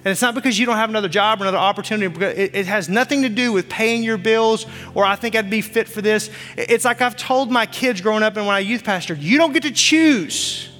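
Pastor, man in his 40s, very high bright voice, fervent repetitive preaching, reverberant church, faint music under. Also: fast, few pauses. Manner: impassioned preaching, repeats phrases. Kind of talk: sermon. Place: church stage.

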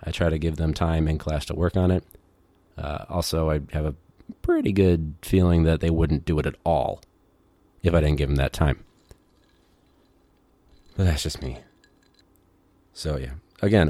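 Low-voiced rambling male teacher. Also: mellow, dry recording. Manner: rambling, digressive, many fillers. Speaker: high school teacher. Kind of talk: casual podcast monologue.

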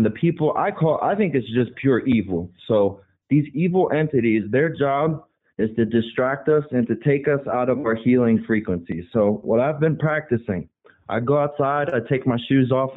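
A male caller speaks earnestly and somewhat preachily, his voice at a middle pitch. It comes through a narrow, phone-like line. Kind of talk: casual call-in chat.

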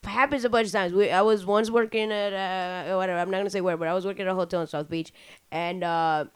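A man's voice: high-pitched, steady tone, fast, smooth. A man co-hosting a casual podcast, blunt and teasing. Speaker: podcast co-host.

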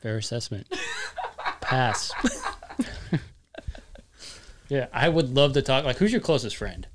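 A man's voice: mid-range voice, lively intonation, slow pace, background noise. Playful male podcast host. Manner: teasing, playful. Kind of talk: casual interview chat.

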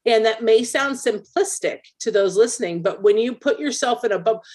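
A woman's voice: a little high, fairly quick, a little mellow. A woman co-hosting a casual podcast, explaining her views at length in an emphatic, opinionated way. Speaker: podcast co-host; military veteran. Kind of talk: casual political chat.

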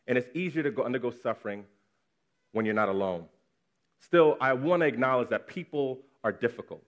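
A man's voice: mid-range voice, animated, fairly quick, a bit bright. A man preaching a sermon to his congregation in a conversational way, repeating words for emphasis. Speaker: pastor. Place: church congregation.

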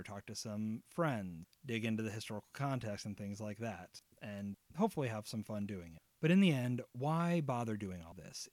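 Guy teaching bible stuff, earnest and explaining things, bit jokey, medium voice, dry sound no echo. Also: mid-range voice. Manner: earnest, explanatory, lightly humorous.

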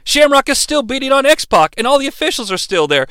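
A male podcast host recapping a wrestling broadcast in an animated, irreverent way, bursting into shouted impressions. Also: very high-pitched, a little fast, smooth, no echo.

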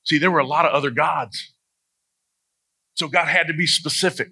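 A man in his forties preaches with a bright, husky voice. He tells a story from the pulpit and slips in quick voices for the people in it. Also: on the high side. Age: 40s. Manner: storytelling, acts out voices in anecdotes. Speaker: pastor. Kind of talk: sermon.

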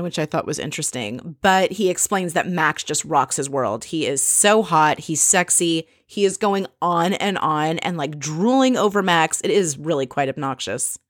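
A woman's voice: lowish voice, expressive, normal speed, hardly any pauses, no room sound, studio quality. A woman recapping a reality TV episode in a chatty, opinionated and snarky way. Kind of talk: casual recap commentary.

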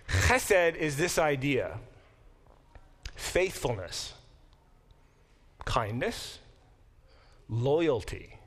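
A man's voice: a little high, a bit bright. Lecturing middle-aged male Bible professor. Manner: thinking aloud, with quick restarts and questions to students. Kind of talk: classroom lecture. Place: classroom.

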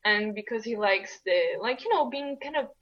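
A woman's voice: on the high side, moderate pace, fairly bright tone. Young woman from italy chatting loosely, lots of um and like, kinda dull lo-fi sound. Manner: rambling, many fillers and restarts, laughs often. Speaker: guest co-host. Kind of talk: casual conversation. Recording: lo-fi dull audio.

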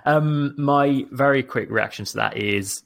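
A man's voice: mid-range voice, unhurried, gravelly. A man co-hosting a podcast in casual chat, upbeat and laughing often. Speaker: podcast co-host.

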